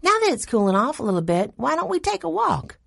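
A woman's voice: sits high, very animated, fast, gravelly, no room sound, pitched above the performer's own voice, full character voice. A woman voicing a friendly, upbeat young college student in a storybook reading.

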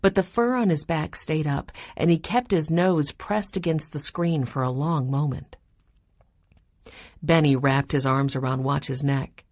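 A woman narrating a children's storybook aloud in an expressive reading style. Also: low voice, measured pace, dry recording, clean studio sound.

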